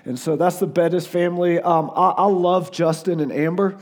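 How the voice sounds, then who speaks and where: A hoarse man in his forties with a Southern US drawl, speaking a touch higher than most men. He chats and jokes through his stories as a guest preacher. He leans on "like" and "uh" as he talks. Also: fairly even intonation, normal speed. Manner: chatty and joking, lots of "like" and "uh". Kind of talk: casual storytelling before a sermon.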